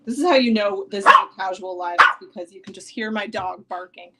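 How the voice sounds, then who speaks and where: A young woman chatting on a casual live stream from home, rambling with lots of "like" and sometimes dropping to a soft near-whisper. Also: mid-range voice, a little fast, background noise. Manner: chatty and rambling, heavy use of "like". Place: home, at her desk with her dog nearby.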